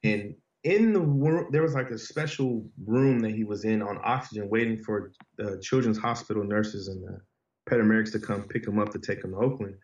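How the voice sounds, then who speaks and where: A man's voice: lowish voice, fairly quick, darkish tone, recorded from a distance. Earnest male podcast guest, casual heartfelt storytelling, recorded off-mic in a roomy space with dull sound. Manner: earnest, heartfelt, frequent "you know" and "man". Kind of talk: personal storytelling in conversation.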